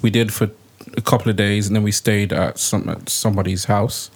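A man's voice: fairly low pitch, fairly even intonation, a little fast, breathy edge. A man in a casual group chat who gets defensive and repeats his point.

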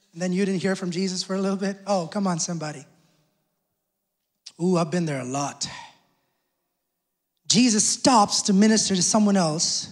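Pastor guy preaching, really high voice, big echoey church hall, shouts to the crowd then drops real quiet. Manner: preaching with call-outs to the congregation; acts out the people in the story in hushed asides. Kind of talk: sermon. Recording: long hall reverb.

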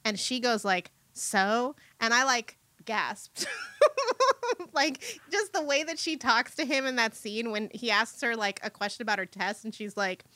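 Bright, chatty woman discussing a movie. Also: fairly high pitch, normal speed, no room sound. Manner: chatty, laughs often, trails off and restarts. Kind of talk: casual chat about a movie.

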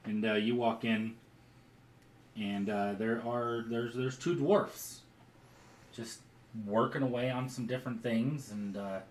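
A man narrating as game master of a tabletop game, halting with many fillers. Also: medium pitch, fairly even intonation, reverberant, a little hiss or hum.

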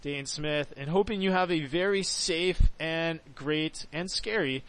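Male podcast host, slightly higher voice, upbeat, jokey and casual. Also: a bit bright, rough recording. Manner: upbeat, joking, drawn-out sign-off.

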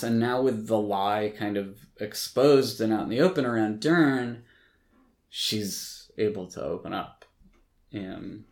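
A man hosting a podcast, casually recapping a film in a rambling way, full of likes and ums, with occasional swearing. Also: on the low side. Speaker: podcast host.

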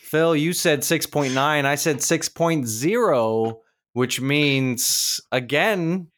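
A man hosting a casual movie rating game with friends, announcing scores in a measured way. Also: on the high side, a bit bright. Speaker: game host.

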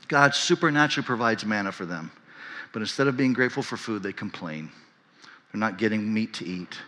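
Bright-voiced pastor preaching in a hall. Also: male voice, moderate pace, long pauses. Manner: animated, acts out whiny voices and quotes with rising pitch; conversational, often tags lines with "right?". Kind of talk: sermon.

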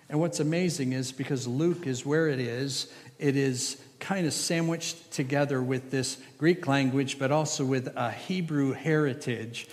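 A man preaching a sermon as a guest preacher, animated and folksy, with emphatic stress on key words. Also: on the high side. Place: church sanctuary. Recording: reverberant church hall.

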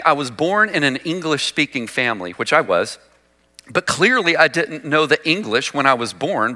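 A man preaching a sermon, acting out quoted lines and dropping to a hush for emphasis. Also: medium pitch, in a large hall. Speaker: pastor.

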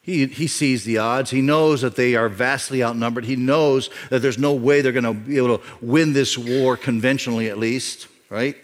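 A man's voice: mid-range voice, fairly even intonation, normal speed, few pauses. Middle-aged male pastor, mid-range voice, emphatic sermon delivery with echoing hall reverb. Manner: emphatic, repeats key phrases, swings from loud to quiet.

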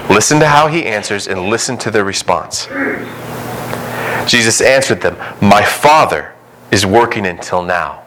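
A man with a low voice preaches to his church, reading scripture and acting out its voices with dramatic rises. Faint room ambience sits behind him. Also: fairly bright tone, slight background noise, poor audio. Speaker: pastor. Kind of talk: sermon.

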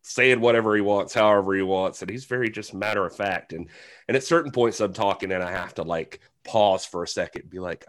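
A man's voice: lowish voice, fairly quick, fairly bright tone. A man as a podcast guest, telling rambling, self-deprecating stories in casual chat.

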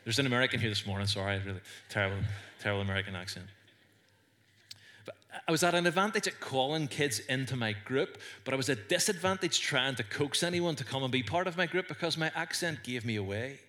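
A man's voice: medium pitch, animated, fast, bright, forceful tone. A man with a Northern Irish accent, preaching an earnest sermon to a congregation in church and telling stories with small stumbles. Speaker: pastor. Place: church service.

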